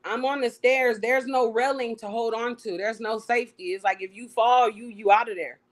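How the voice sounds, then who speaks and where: A young adult woman telling a personal story as an interview guest, animated and acting out what she said back then. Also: on the high side, normal speed. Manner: animated, acts out her own past lines.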